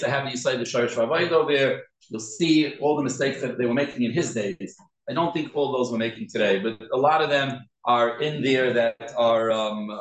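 Earnest man teaching in an echoey room. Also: mid-range voice. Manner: earnest, repeats words slowly to correct them. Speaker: teacher of prayer pronunciation. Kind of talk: informal class talk.

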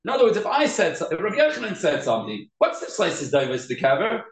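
Guy giving a talmud class, a bit high-pitched, talks fast and restarts a lot, echoey room. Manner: animated, quick, with many restarts and Hebrew terms. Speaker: Torah teacher.

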